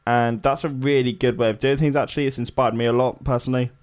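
A man's voice: medium pitch, flat delivery, fast. Rambling man, casual chat. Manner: rambling, many fillers and hedges. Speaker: podcast co-host.

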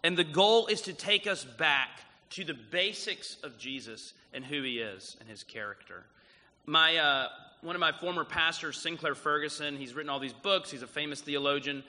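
A man with a South Carolina accent preaches a sermon in a casual, chatty way, full of "like" and "um" as he tells stories. His voice is very bright and sits a little high. The sound has a long, echoing reverb, as if from a big church hall. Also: normal speed. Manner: casual, animated storytelling with lots of "like" and "um". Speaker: guest pastor.

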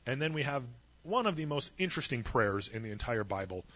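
Bright, husky-voiced man preaching. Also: mid-range voice, sing-song, a little fast, lo-fi sound. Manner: storytelling, humorous asides, acts out quoted voices. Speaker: pastor. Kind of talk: sermon.

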